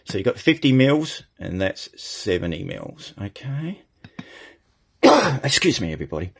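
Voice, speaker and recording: A man's voice: medium pitch, big pitch swings, measured pace, vocal fry, husky. A middle-aged Australian man chatting casually to viewers on his channel, rambling and calling them "mate". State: short of breath. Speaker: channel host. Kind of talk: casual live-stream chat.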